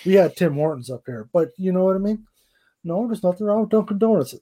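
A man's voice: high voice, lively intonation, a little fast, warm tone. A middle-aged man co-hosting a casual wrestling podcast, blunt and emphatic, swearing freely. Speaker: podcast co-host.

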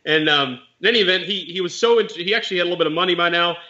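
A man's voice: high voice, racing, pushed and bright, lo-fi sound. A man, a real estate investor and mentor, telling a story in casual chat and explaining legal points plainly with animation.

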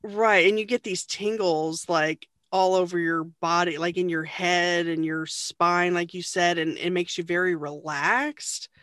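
A woman being interviewed as a podcast guest, soft-spoken and self-conscious, laughing often as she talks. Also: lowish voice, steady tone, unhurried, few pauses, no room sound, clean studio sound.

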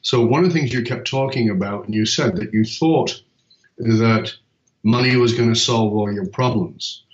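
A man who works as a purpose coach, talking in a relaxed podcast conversation and telling stories with emphasis and casual swearing. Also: fairly low pitch, normal speed. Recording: echoey, slightly dull sound.

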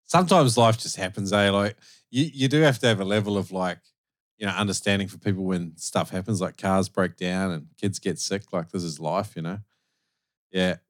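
Laid-back Australian host, low voice. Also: male voice. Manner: laid-back, slangy, quick to laugh. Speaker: podcast host. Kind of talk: casual interview chat.

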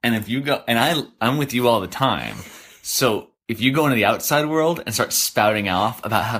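A man's voice: medium pitch, expressive, moderate pace, sharp tone. A man in casual recorded conversation with his wife, talking in an earnest, argumentative way. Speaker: podcast host's husband.

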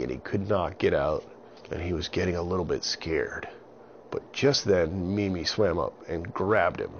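A man with a gravelly, low voice narrates a children's story. He tells it in an animated way and throws in sound effects. The recording is dull and lo-fi, with a faint hiss.

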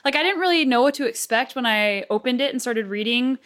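A woman's voice: fairly high pitch, lively intonation, a little fast, a bit bright. An American woman hosting an interview, chatting in an upbeat, enthusiastic way. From United States. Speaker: podcast host. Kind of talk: casual interview chat.

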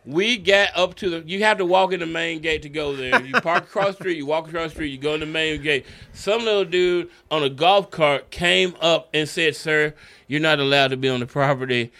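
A man's voice: a little high, a little fast, few pauses, no room sound. A middle-aged man, a stand-up comedian, telling a wild story in casual chat, swearing and laughing as he goes. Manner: animated, profane, laughs through his stories.

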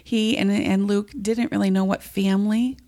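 A middle-aged woman, a guest on an interview, telling stories in a tender, reflective way with many pauses. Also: mid-range voice, level tone, mellow. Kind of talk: interview conversation.

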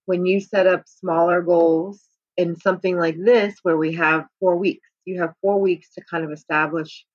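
A woman's voice: fairly low pitch, steady tone, moderate pace, slightly rough, no room sound, muffled recording. A woman co-hosting a weight-loss program podcast, chatting casually and rambling a little with restarts and "you know what I mean".

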